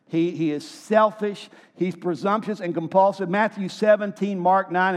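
Guy preaching, pretty high voice, lots of hall echo, animated and chatty with the room. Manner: lively, asks the room questions and acts out quotes. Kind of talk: sermon. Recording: long hall reverb.

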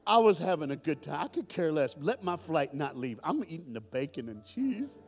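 With a voice on the high side and a moderate pace, this middle-aged man animates a storytelling sermon before a live congregation in a church hall, joking and calling out to the people there.

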